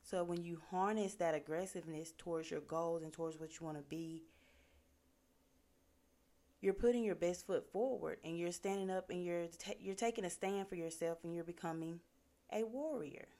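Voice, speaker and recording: Woman, lowish voice, motivational talk, earnest, chatty, filler words. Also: fairly even intonation, normal speed, mellow. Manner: earnest, conversational, many fillers like "like". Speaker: motivational speaker.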